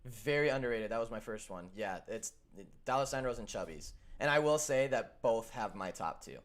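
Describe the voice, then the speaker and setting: A man from Minnesota co-hosting a sports show, chatting casually and telling animated stories. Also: medium pitch, normal speed. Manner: animated storytelling, acts out quoted voices. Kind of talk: casual chat.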